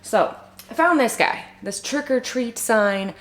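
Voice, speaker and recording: A woman's voice: a little high, lively intonation, a little slow. Chatty woman decorating in a roomy room. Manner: chatty, upbeat, thinks aloud while working. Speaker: home decor vlogger. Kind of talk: casual decorating vlog chat. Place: home living room by a fireplace.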